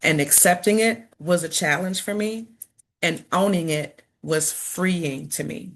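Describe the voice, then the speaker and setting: A woman with a slightly low voice gives a motivational talk. She stutters, repeating sounds and words, and speaks in an earnest, reflective way that turns slow and deliberate at times. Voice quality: stutters, with sound and word repetitions. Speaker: school principal and speaker.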